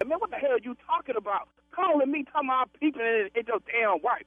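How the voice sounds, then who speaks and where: A man's voice: extremely high pitch, animated, fast, a crowd in the background. A man on the phone, defensive and indignant, cursing while he argues. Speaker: prank call target. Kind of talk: heated phone argument. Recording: dry tinny phone line.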